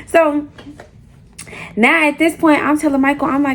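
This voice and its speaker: A woman's voice: high voice, normal speed, long pauses, a little hiss or hum. A young woman telling a storytime in a casual, slangy, profane way, acting out the quotes as she goes. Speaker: storyteller vlogger.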